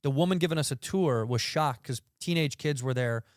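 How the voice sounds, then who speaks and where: A man co-hosting a podcast in casual chat, animated and quick to cut in mid-sentence. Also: mid-range voice, no room sound, clean studio sound. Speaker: podcast co-host.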